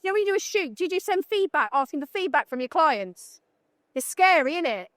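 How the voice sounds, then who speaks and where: Blunt, funny British woman giving a conference talk; very high voice, dry close sound. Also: very animated, a little fast, fairly bright tone, dry recording. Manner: blunt, joking, chatty, asks the audience questions. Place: conference talk room at a trade show.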